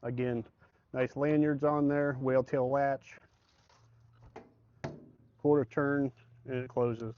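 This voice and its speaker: A man's voice: mid-range voice, little pitch movement, slow pace, long pauses, a little mellow, slight background noise. A man giving a casual, conversational product walkthrough as a salesman, explaining specifications plainly. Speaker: truck bed salesman. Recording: slightly dull, dry recording.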